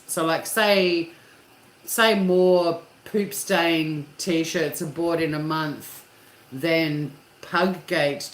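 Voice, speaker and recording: A woman hosting a casual live chat with viewers, talking candidly and swearing freely. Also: deep voice. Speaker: livestream host. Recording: echoey room with faint hum.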